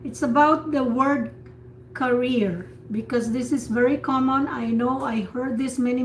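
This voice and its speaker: A woman tutor leading an online speaking practice class, patiently repeating words slowly to model pronunciation over a video call. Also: a little high. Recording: echoey room with faint noise, video call.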